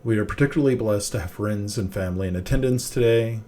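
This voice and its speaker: A man's voice: fast talker, warm tone, slight background noise, natural voice. A man voicing a young, solemn wedding priest. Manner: formal, booming and solemn.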